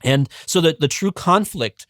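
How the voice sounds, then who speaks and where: A man's voice: a little high, a little slow, a bit bright, no room sound, studio quality. A man as a guest educator, explaining history in a casual, conversational way with frequent ums and restarts.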